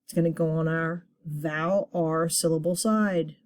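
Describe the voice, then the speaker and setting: A woman teaching a reading lesson to children, sounding out each word in a slow, encouraging way. Her voice sits on the low side and she never rushes. The sound is close and dry, with no room echo. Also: steady tone, a little mellow. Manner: encouraging, sounds words out slowly. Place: classroom with a board.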